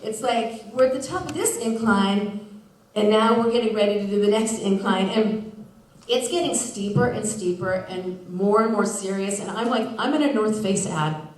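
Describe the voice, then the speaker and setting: A woman's voice: medium pitch, normal speed. A woman from Washington State telling a personal story live on a theater stage, chatty and full of "like" and restarts, laughing through her lines. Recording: echoey theater, voice from far off.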